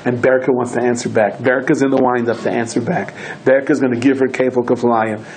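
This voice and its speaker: A man of middle pitch giving a storytelling Torah talk. He tells his stories with lively delivery and slips into his characters' voices as he goes. Faint ambient noise sits quietly behind him. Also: fairly quick, low-quality recording. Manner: animated storyteller who acts out voices and shouts in quoted lines. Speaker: rabbi.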